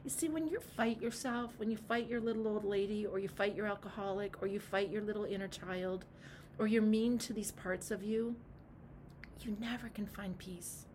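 A woman's voice: mid-range voice, level tone, normal speed, a little mellow. A woman life coach talks a client through her homework in a casual, emphatic way. She is blunt and direct and leans hard on repeated words. Her voice sits in an ordinary middle range, with a faint background hum. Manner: emphatic and direct, with frank asides.

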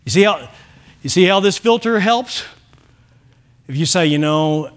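A pastor in full sermon mode, his voice sitting notably high for a man. He drives his points home with emphatic rhetorical questions to the congregation in a church sanctuary. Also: animated, a little slow.

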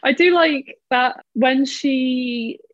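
A woman talking through a film in a relaxed, animated way, laughing as she mimics characters. Her voice sits mid-range, and the recording sounds muffled and dry, close to the mic in a small space. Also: high-pitched, drawn-out words, no echo. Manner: animated, laughs and acts out quoted lines. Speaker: podcast co-host discussing a film. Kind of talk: casual chat.

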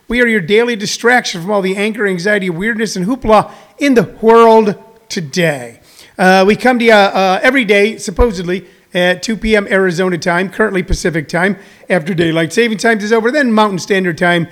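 Man, middle-aged, high voice, rambling, out of breath, live talk host. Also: a little fast, a bit bright. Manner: rambling, chatty, jokey asides. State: a little out of breath. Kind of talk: live-stream talk show monologue.

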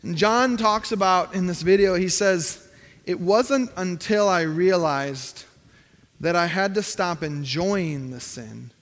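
A middle-aged male pastor preaches a sermon, starting conversationally and building to emphatic pleading. His voice sits high, slow, and a bit bright, with hall reverb in the recording.

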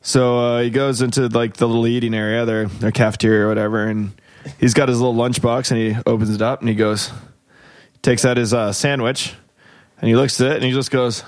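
A man's voice: medium pitch, level tone, a little fast, dry recording. A young man rambles through a joke on a casual comedy podcast, full of "uh"s and restarts. His voice sits close and dry on the mic. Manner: rambling joke-telling with many fillers and restarts. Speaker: podcast co-host.

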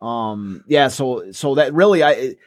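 A man's voice: medium pitch, expressive, slow, no room sound, clean studio sound. A man co-hosting a podcast, chatting casually about sports history and rambling with many restarts and fillers. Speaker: podcast co-host.

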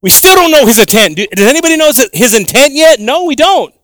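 A man's voice: very high voice, big pitch swings, quick pace, fairly bright tone, no room sound. A man preaching a bilingual sermon, switching between Spanish and English with joking asides.

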